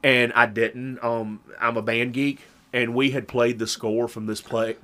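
A man's voice: medium pitch, level tone, a little slow, sharp tone. A man with a Southern Virginia drawl, telling rambling stories in casual chat as a podcast co-host. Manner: rambling storyteller, chuckles often.

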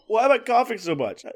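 A man co-hosting a casual podcast chat about a movie, rambling with lots of fillers and restarts. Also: a little high. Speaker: podcast co-host.

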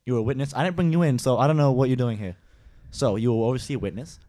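A fast-talking man running a mock police interrogation in an improvised comedy skit. His voice sits at an ordinary middle pitch, and he keeps the questions coming with a playful, teasing edge. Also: animated, dark tone. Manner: quick, playful, often laughing. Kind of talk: improvised comedy role-play.

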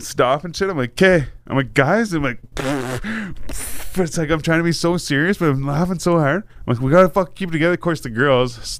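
A man's voice: mid-range voice, smooth. A man telling a story in casual chat, laughing often and swearing freely.

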